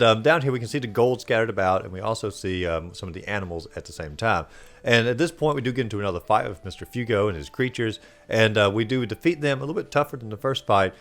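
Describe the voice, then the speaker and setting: A man hosting a video game playthrough recap, talking in a casual, rambling way with lots of fillers. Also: fairly low pitch. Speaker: host.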